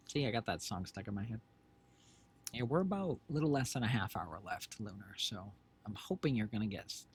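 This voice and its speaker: With a lowish voice and slight background noise, a middle-aged man co-hosts a stream from his home setup. This co-host and creator chats loosely with viewers, rambling along with lots of fillers and self-corrections into a desk microphone while wearing headphones.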